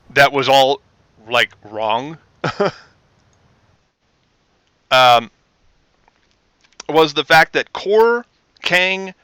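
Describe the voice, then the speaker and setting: A man chatting casually on a live stream, rambling with fillers and getting animated when he rants. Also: mid-range voice, smooth, no echo.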